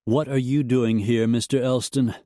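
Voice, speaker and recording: A man's voice: mid-range voice, steady tone, normal speed, dark tone, no echo, clean studio sound, voice pushed up, close to an everyday voice. A man voicing a cold, clipped widowed woman who owns a ranch.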